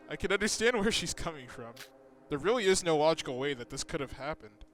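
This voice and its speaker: A man doing gameplay commentary, reading game dialogue aloud and reacting excitably, swearing and laughing. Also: on the high side, fast talker. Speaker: let's-play gamer. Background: faint game music.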